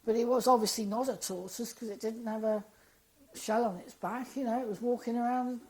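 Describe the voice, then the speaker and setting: Bright-toned woman telling her story. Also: a little high, fairly quick, low-quality recording. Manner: animated, acts out quoted dialogue. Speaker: interview guest. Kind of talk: conversational storytelling interview.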